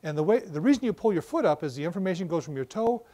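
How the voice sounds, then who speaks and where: Older male lecturer, high voice, lively storyteller who acts out everyday examples. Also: rapid-fire. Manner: animated storytelling with acted-out examples. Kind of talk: professional lecture. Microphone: battery-powered wireless mic.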